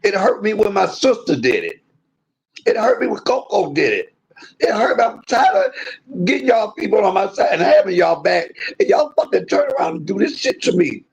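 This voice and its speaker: A man hosting a livestream, venting in an aggrieved rant that swings between loud outbursts and low muttering. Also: big pitch swings, moderate pace, vocal fry, breathy edge. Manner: swears freely, talks straight to viewers. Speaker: livestream host.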